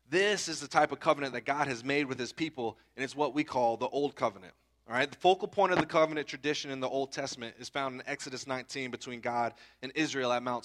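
A pastor in his thirties, his voice on the high side and fairly bright, preaches a sermon conversationally, often checking in with listeners by asking "okay?" and "right?".

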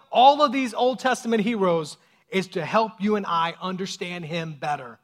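Man, pastor, high voice, dynamic sermon delivery, loud-to-hushed swings. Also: normal speed.

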